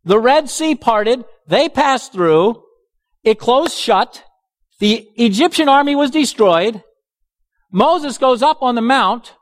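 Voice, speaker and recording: A man's voice: very high-pitched, in a large hall. A male pastor preaching a sermon emphatically, with sarcastic asides.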